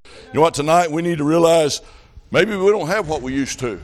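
Southern male preacher, middle-aged, slightly high voice, folksy, climbs to fervent shouting. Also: animated, a little fast, background noise. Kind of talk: revival sermon.

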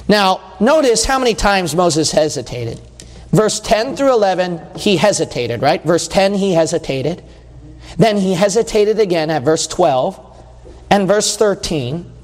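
A man preaching a sermon in a conversational way, reading scripture and acting out quotes. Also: high-pitched. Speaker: pastor. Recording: long hall reverb.

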